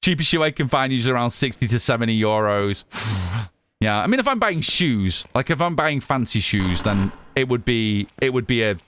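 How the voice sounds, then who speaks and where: A man from Cheshire in Northwest England chats casually while streaming a game, answering his chat and often repeating himself. His voice is medium-pitched and a bit bright. There's slight background noise.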